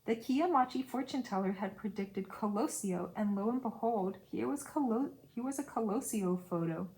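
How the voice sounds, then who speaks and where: Brief: a woman narrating a novel with quick casual commentary. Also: mid-range voice, a little mellow, low-quality recording. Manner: reads aloud with brief casual asides. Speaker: audiobook reader.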